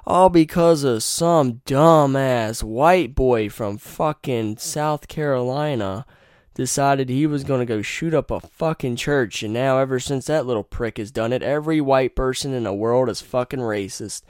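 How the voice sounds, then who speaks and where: A man's voice: medium pitch, measured pace, a little mellow, clean tone, no room sound, studio quality. A young man hosting a podcast, telling rambling, profane stories and giving blunt opinions in a casual monologue. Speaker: podcast host.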